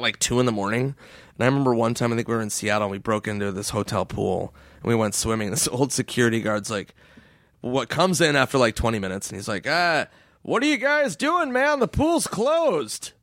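A man in casual podcast chat, telling road stories with frequent laughs and swearing, jumping into a high goofy voice for quoted people. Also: quick pace, a bit bright, no echo, studio quality. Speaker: podcast guest.

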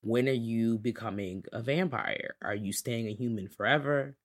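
A podcast co-host chatting casually, telling stories with lively acted-out quotes and lots of swearing. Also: mid-range voice, moderate pace. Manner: animated storyteller, acts out quotes loudly, swears freely. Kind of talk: casual chat.

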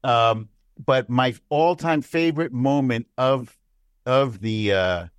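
A man in casual political chat, animated, acting out quotes with big jumps in pitch. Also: takes it slowly, smooth, dry recording.

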